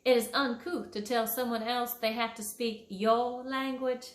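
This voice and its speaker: Woman playing a Southern-drawling manners fairy, sugary and prim, high voice, echoey room. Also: steady tone, a little slow, close to an everyday voice. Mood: sweet scolding. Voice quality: honeyed, gently scolding, calls kids pet names. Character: sweet, prim female fairy who teaches manners.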